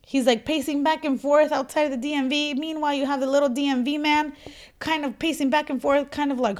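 A woman telling a funny story in a casual chat, animated and laughing, acting out what people said. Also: sits high, fairly quick. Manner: animated, laughing, acts out quotes.

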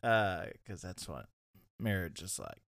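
A man's voice: deep voice, animated, measured pace, a bit bright, no room sound, clean studio sound. A young man co-hosting a podcast in casual chat, rambling through stories and laughing often. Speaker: podcast co-host.

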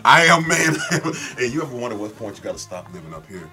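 A man co-hosting a podcast, rambling excitedly about films, swearing often and breaking into loud impressions. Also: mid-range voice, fast, music in the background. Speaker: podcast co-host. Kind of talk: excited film chat.

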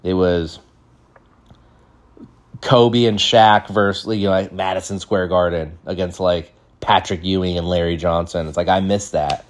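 A young man with a low-pitched voice tells loose, rambling stories about his childhood. He keeps breaking into high, exaggerated voices to act out what he and others said. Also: steady tone, measured pace. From California. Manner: rambling, acts out quotes in high mimicking voices. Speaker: podcast host. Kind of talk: casual storytelling monologue.

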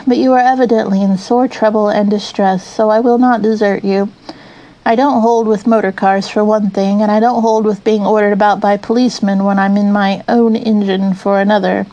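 A grave, steady train driver from a storybook, read by a woman, stern yet soft-hearted underneath. The voice is mellow and warm at a mid-range pitch. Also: lo-fi sound, natural voice. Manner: steady and grave, slow when warning. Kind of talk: audiobook character reading.

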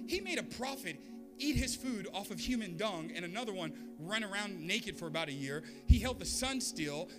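Storytelling pastor over background music. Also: male voice, high voice, normal speed. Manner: storytelling with lively voiced quotes and humor. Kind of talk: sermon.

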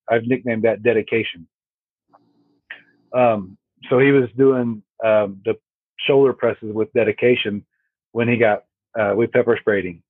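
A man chatting as a podcast guest, telling rambling, profane stories full of fillers. His voice is husky and a little rough. He comes through a thin, tinny phone-like line with no room sound at all. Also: medium pitch, dry recording. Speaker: podcast guest, firearms instructor. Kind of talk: casual chat.

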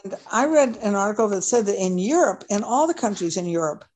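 A woman guest with a mid-range voice speaks in a relaxed discussion. She talks earnestly and with emphasis, often restarting her sentences. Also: mid-range voice, a little fast, a little hiss or hum. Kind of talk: casual discussion.

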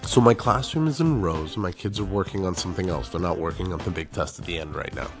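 A middle-aged man, a teacher, spins a funny story from his classroom in a lively, self-mocking voice that sits a little low. He slips into the voices of the people he quotes, with faint music behind him. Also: fast.

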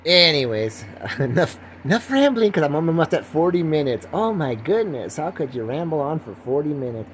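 A man's voice: fairly high pitch, sing-song, normal speed, a little hiss or hum. An older man hosting his own podcast in a goofy, rambling comic monologue, laughing often and dropping into silly voices. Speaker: podcast host.

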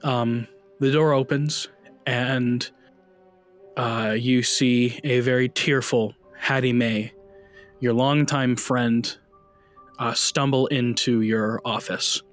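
A man running a tabletop horror game as game master, narrating scenes in a relaxed way with frequent ums and uhs. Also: medium pitch, takes it slowly, soft background music.

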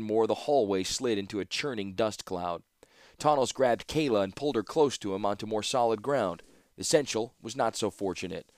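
A man narrates a fantasy audiobook in a steady, measured way. His voice sits low, and the recording is close and dry with no room around it. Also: dry recording.

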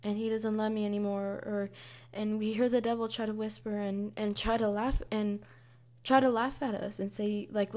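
A woman speaks in a relaxed, personal vlog about her faith. Her voice sits at an ordinary middle pitch, and she talks earnestly, circling back and repeating phrases to stress a point. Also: moderate pace. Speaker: vlogger sharing a faith reflection. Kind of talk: casual devotional talk.

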